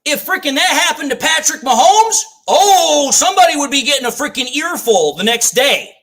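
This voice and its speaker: Fired-up male fan host, high animated voice, swears a lot while calling plays. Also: moderate pace. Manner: ranting, swears freely, repeats complaints. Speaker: fan watch-party host. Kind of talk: live play-by-play fan commentary.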